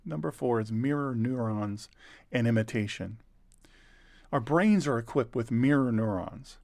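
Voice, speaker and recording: A man's voice: medium pitch, expressive, unhurried, gravelly, a little mellow, no echo. Earnest preacher man, dry close sound. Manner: earnest, repeats words for emphasis. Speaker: pastor and show host. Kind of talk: conversational sermon.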